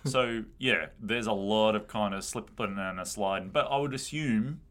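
A man's voice: fairly low pitch, normal speed, a bit bright. A man co-hosting a casual podcast, telling a story with playful asides and frequent laughter. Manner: laughs often, tells stories with playful asides. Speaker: podcast co-host.

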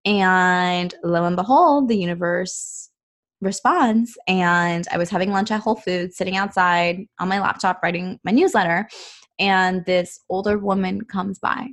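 A woman's voice: fairly low pitch, unhurried. A young adult woman hosting a solo podcast in a casual, earnest monologue, with lots of "um" and "like". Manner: chatty, earnest, many fillers like "um" and "like". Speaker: podcast host and personal trainer.

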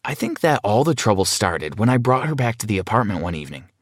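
A man telling a scripted first-person story in a plain, steady way. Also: fairly low pitch, fast, no room sound, clean studio sound.

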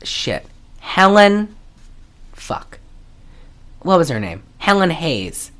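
A woman's voice: fairly low pitch, sing-song, fairly bright tone. A woman co-hosting a podcast, casually recapping an old horror movie, swearing freely and acting out lines with bursts of laughter. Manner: profane, laughing, acts out characters in quick asides. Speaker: podcast co-host.

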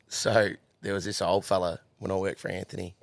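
A man's voice: sits low, vocal fry, a bit bright, no echo. A man with an Australian accent, a guest telling stories from the horse stables, swearing freely and laughing as he talks. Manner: profane, laughing storyteller. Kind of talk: casual podcast chat. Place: studio.

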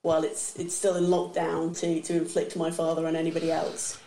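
A woman in her thirties chats casually, spinning funny anecdotes about her family. She slips into quick impressions of the people she describes. Her voice has some room echo and a faint hiss behind it. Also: low voice, completely flat delivery. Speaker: guest comedian. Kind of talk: casual storytelling chat.

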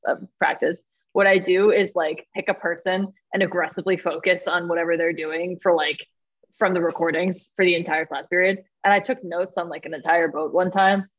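A woman telling stories in a casual podcast chat, animated and laughing often, with lots of fillers. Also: on the low side, a little fast, dull audio. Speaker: podcast guest, rowing coxswain.

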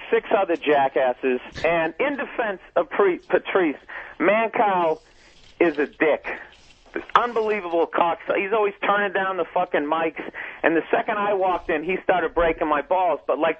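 A man on a radio show, a comedian telling a profane, animated story in casual chat. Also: high voice, moderate pace. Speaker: comedian guest. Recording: tinny phone line.

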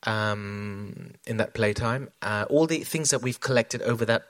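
A man's voice: fairly low pitch, a little slow, fairly bright tone, no room sound. Reflective man, dry close sound. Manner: reflective, many fillers and restarts. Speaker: choreographer guest. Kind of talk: onstage conversation.

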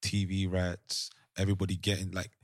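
A man's voice: sits low, completely flat delivery, moderate pace, no echo, clean studio sound. A man co-hosting a podcast in casual group discussion, thinking aloud and often restarting his sentences. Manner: thoughtful, trails off and restarts mid-thought. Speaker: podcast co-host.

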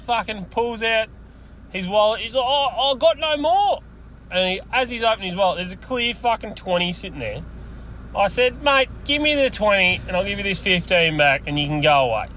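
A man's voice: high voice, fairly quick, bright, forceful tone, slight background noise. An Australian man telling a crude, laughing yarn in a voice message, recorded outdoors on a phone. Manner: crude, laughing storyteller, puts on voices for others. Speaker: caller telling a story.

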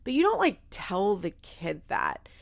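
Young female recap host with a gravelly edge, talking frankly and casually. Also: mid-range voice, huge pitch swings, unhurried. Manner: frank, swears freely, many "like"s. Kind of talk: casual opinionated commentary.

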